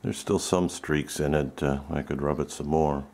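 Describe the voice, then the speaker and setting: A man narrating his wood finishing work in a casual, unhurried way, hesitating now and then and a little out of breath from the rubbing. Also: extremely low pitch, steady tone. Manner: unhurried, plain-spoken, hesitant with fillers. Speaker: woodworker demonstrating finishing. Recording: echoey room, faint noise.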